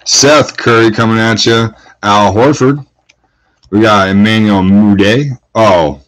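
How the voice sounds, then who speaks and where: Slow, low-voiced man calling card pulls. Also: fairly bright tone, slight background noise, poor audio. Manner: hyped, calls out each card pulled. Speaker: card break host. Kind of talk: live card-breaking commentary.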